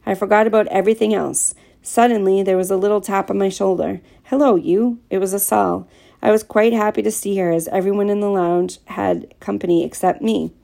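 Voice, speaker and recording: A woman narrating a first-person story aloud in a steady, plain storytelling manner. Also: mid-range voice, fairly quick, creaky. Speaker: audiobook narrator.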